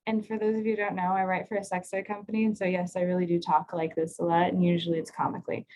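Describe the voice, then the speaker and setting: A woman's voice: on the low side, little pitch movement, fast talker, few pauses, darkish tone, rough recording. Candid, laughing female class teacher. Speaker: sex and intimacy coach. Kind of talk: guided online class.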